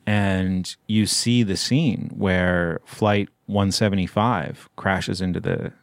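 A man's voice: sits low, steady tone, vocal fry, dry recording. Chatty rambling man, dry close mic. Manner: rambling, playful, drawn-out musings. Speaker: podcast host. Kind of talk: casual chat.

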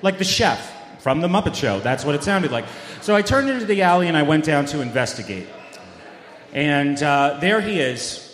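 A man and podcast host telling a mock-serious comedic story with deadpan delivery and many fillers and trailing pauses. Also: fairly high pitch. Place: live event hall. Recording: echoey hall with long reverb.

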